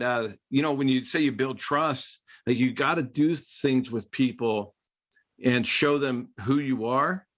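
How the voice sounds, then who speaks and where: Middle-aged man, podcast guest, casual storyteller who acts out the people he quotes. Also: mid-range voice. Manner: animated storyteller acting out quoted voices. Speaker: podcast guest, former quarterback.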